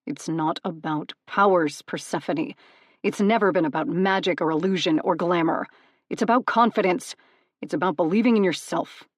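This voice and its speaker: A woman voicing a brooding male god of the dead who speaks in a measured, controlled way. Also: lowish voice, no room sound, studio quality, natural voice. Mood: heated.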